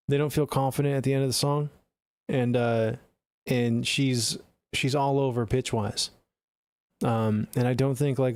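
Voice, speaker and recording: A man's voice: mid-range voice, a little mellow, no room sound. A man streaming live, giving blunt, profane, chatty feedback on listeners' songs into a close studio mic. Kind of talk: casual live-stream critique.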